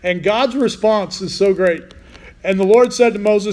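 Unhurried and darkish in tone, a man's high-sitting voice carries an informal Bible sermon. He preaches conversationally, asking questions of his listeners throughout.

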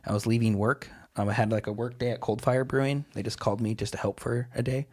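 A man's voice: medium pitch, fairly even intonation, fast talker, husky. A young man chatting casually as a podcast guest, rambling through stories with lots of fillers.

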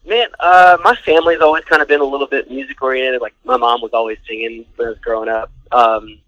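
A man's voice: medium pitch, steady tone, fast talker, a bit bright, dry recording, highs cut off. A man, a band frontman and producer, chatting casually as a podcast guest, rambling with many fillers. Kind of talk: casual storytelling interview.

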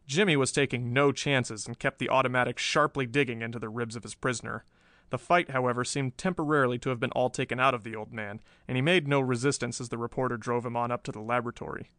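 A man's voice: medium pitch, steady tone, fast talker, fairly bright tone, dry recording. Man narrating a thriller, dry close sound. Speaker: audiobook narrator. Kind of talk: scripted narration of a pulp thriller.

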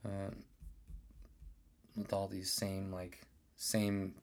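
A man's voice: low-pitched, monotone, very slow. Rambling, profane man ranting solo. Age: 30s. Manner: profane, rambling, restarts often. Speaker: podcast host. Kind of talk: casual solo podcast rant.

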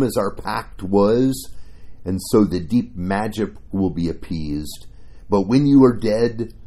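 A man reading the lines of a cruel, gloating evil witch queen in a slow, low, taunting way. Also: mellow.

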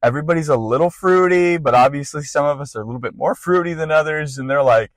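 A young man casually telling a lively personal story on a podcast, full of fillers and laughter. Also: fairly high pitch, quick pace, no room sound. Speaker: podcast guest sharing a testimony.

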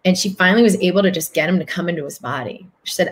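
A woman's voice: lowish voice, very fast, few pauses. A woman hosting a livestream who answers viewer comments as a spiritual coach, talking earnestly and repeating phrases for emphasis. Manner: acts out other people's voices in quotes.

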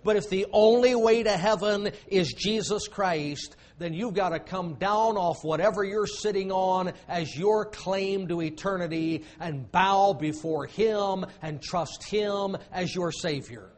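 A high-voiced man with a drawl preaches from the pulpit. He presses his points hard, then falls to a hushed low voice for effect. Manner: emphatic preaching with dramatic pauses and sudden drops to a low voice. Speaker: pastor. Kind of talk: sermon.

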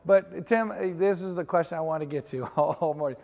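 A man speaks from the stage of a large church, the long reverb of the sanctuary trailing his words. He is a pastor telling frank personal stories in a relaxed, conversational way. His voice sits a bit high and has a gravelly edge. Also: fairly quick. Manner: candid storytelling with laughs, asks co-host questions. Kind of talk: conversational sermon talk.

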